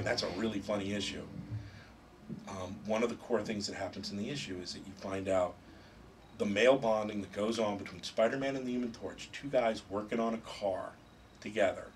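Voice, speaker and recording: A man guest in a casual interview, retelling stories in an animated, excited way with casual swearing. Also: on the low side, distant mic, slight background noise. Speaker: comic book writer guest.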